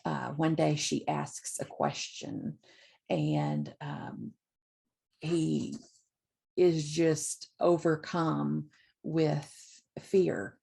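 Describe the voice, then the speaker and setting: Woman, literacy teacher; unhurried, gravelly voice pitched a bit low, giving an informal book talk. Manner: slow, relaxed retelling with many ums. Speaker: literacy educator sharing picture books.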